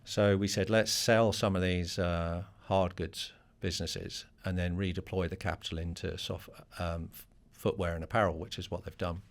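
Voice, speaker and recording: A middle-aged business leader being interviewed on a podcast. His voice sits very low, with a rough, gravelly edge. He talks straightforwardly, with fillers and restarts. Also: little pitch movement, moderate pace, hardly any pauses. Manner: straightforward, conversational with many fillers.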